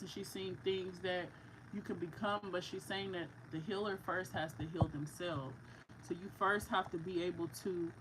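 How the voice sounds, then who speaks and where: A woman's voice: fairly low pitch, a bit bright, slight background noise, low-quality recording. A woman giving a casual, heartfelt psychic reading. She talks in a rambling way, full of "like" and restarts. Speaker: psychic card reader. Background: music playing.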